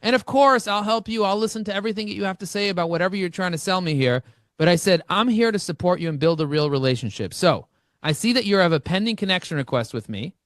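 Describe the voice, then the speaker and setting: A man speaking as an interview guest, telling energetic stories and acting out both sides of conversations. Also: high voice, quick pace, dry recording, clean studio sound. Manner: animated, acts out dialogue with shifting voices. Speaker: podcast guest, marketing expert.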